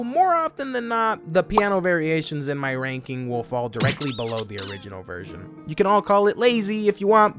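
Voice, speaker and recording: A man reviews game music in a casual, jokey way and pokes fun at himself. His pitch swings up and down a lot as he talks. Soft music plays faintly behind him. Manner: animated, jokey and self-mocking. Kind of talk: casual soundtrack review commentary.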